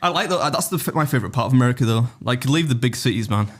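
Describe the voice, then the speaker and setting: An English man telling travel stories on a podcast, animated and laughing, with some swearing. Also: mid-range voice, racing. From England. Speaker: podcast co-host. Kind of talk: casual podcast chat.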